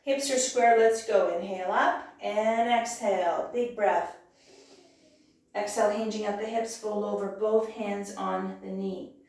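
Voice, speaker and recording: A woman leading a yoga class with calm, encouraging cues, sometimes losing her voice. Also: medium pitch, a little slow. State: clearing her throat, losing her voice. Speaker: yoga instructor. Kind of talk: guided yoga class instruction. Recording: very echoey room, voice from far off.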